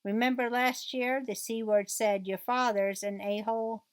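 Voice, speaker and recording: A woman's voice: fairly high pitch, fairly even intonation, moderate pace, clean tone, no echo, lightly acted. A woman reading the lines of a bitter, ranting divorced mother from a transcript, in a mostly plain reading voice with little acting. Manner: reads quoted rant aloud in a mostly plain voice.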